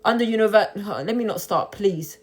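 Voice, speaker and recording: A young woman on a phone live stream, reading and answering viewer comments, shifting into taunting, indignant rhetorical questions. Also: medium pitch. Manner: switches between English and Albanian, taunting and indignant; rapid, repetitive rhetorical questions. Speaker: livestreamer.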